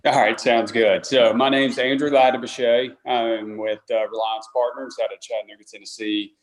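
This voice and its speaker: A man's voice: mid-range voice, fairly even intonation, moderate pace. A young man, an insurance broker, introducing himself on a live panel in an easygoing way with some fillers.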